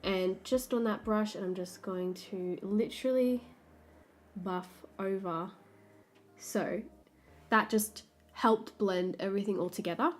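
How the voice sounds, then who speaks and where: A woman's voice: mid-range voice, steady tone, a little slow. Chatty Australian woman explaining makeup. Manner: chatty, explains each step as she works. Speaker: makeup artist. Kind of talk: talk-through makeup tutorial. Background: soft background music.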